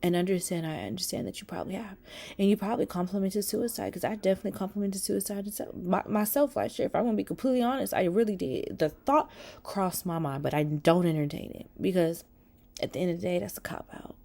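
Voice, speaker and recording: A woman self-filming a heartfelt motivational talk, speaking earnestly and often dropping to a hushed near-whisper. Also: mid-range voice, quick pace, gravelly. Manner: earnest, heartfelt, swears, calls viewers y'all and baby. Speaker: motivational vlogger. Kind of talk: casual motivational talk to camera. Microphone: self-filmed with a selfie light.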